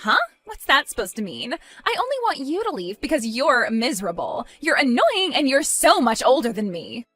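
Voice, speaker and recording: A woman's voice: high voice, huge pitch swings, moderate pace, hardly any pauses, fairly bright tone, faint music behind, heavily acted. A woman voicing a whiny spoiled bride. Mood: petulant. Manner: whiny, pleading, petulant.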